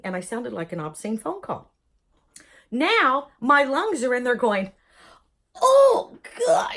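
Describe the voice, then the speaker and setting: Woman, animated storyteller, bouncy pitch, slightly high, jokes and acts out voices as she talks. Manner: lively, jokey, acts out voices in quotes. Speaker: vlogger telling her own story.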